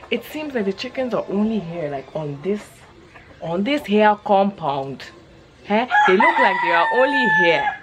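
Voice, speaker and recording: A vlogger in her thirties talks at a medium pitch against a noisy background. Outdoors in a yard, she keeps the chat casual, playful and quick-witted, drifting from topic to topic.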